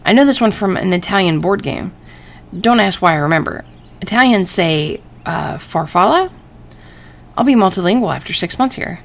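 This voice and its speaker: A woman's voice: medium pitch, animated, moderate pace. A woman streamer chatting playfully and thinking aloud while she plays through a game and reads its dialogue. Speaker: gaming streamer.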